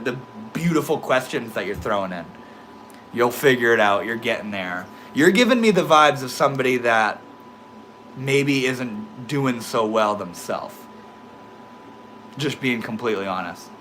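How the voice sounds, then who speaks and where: A man's voice: mid-range voice, lively intonation, normal speed, a bit bright, slight background noise. Laid-back young man with a slight lisp. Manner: laid-back, swears freely, talks straight to chat. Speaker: livestream host reading chat. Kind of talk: casual livestream chat.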